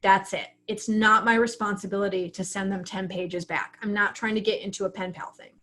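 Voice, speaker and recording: A woman's voice: mid-range voice, steady tone, brisk, fairly bright tone. A woman coaching writers in a casual livestream class, talking frankly and often acting out her own thoughts. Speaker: writing coach teaching an online class.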